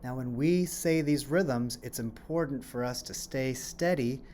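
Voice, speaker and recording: A man's voice: medium pitch, unhurried, darkish tone, a little hiss or hum. A man teaching a children's music lesson on rhythms, explaining patiently, asking questions and then answering them, and chanting rhythm syllables as he claps.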